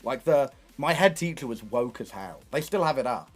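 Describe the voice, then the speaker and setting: A young man telling casual stories to his livestream chat, animated and swearing freely. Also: mid-range voice, normal speed, faint music behind. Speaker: streamer.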